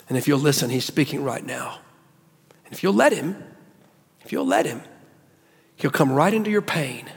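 A man's voice: mid-range voice, gravelly, slightly rough. A man preaching a sermon as a pastor, telling a personal story in an earnest, emotional way. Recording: long hall reverb.

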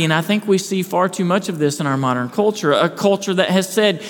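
A man's voice: high-pitched, expressive, a little fast, hardly any pauses. A man preaching a sermon to his church, earnest, asking rhetorical questions and restarting phrases. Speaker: pastor. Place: church sanctuary. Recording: long hall reverb.

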